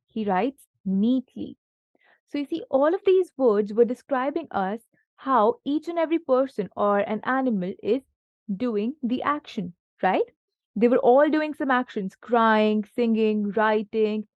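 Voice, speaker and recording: A woman's voice: fairly high pitch, no echo, highs cut off. A woman tutoring a young child in grammar, patient and encouraging, asking many questions and praising the answers. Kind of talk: one-on-one grammar lesson for a child.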